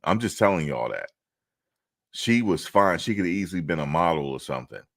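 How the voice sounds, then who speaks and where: A man from New Jersey telling a travel story to camera in a casual, animated, slangy way, repeating himself for emphasis. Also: deep voice, a little fast, creaky.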